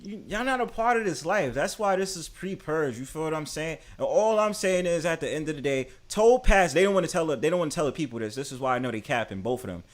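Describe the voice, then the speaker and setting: A man with a New York accent, loud and brash, talking over others in casual livestream banter. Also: fairly high pitch, animated, fast talker, few pauses.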